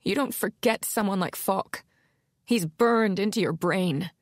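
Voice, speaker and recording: Woman doing hoarse scared woman on the edge of tears, high and frantic, storybook. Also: measured pace, dry recording, clean studio sound, natural voice. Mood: fearful. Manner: frantic, pleading, rising into panic. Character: terrified, hoarse adult woman haunted by past trauma. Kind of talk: audiobook character voice.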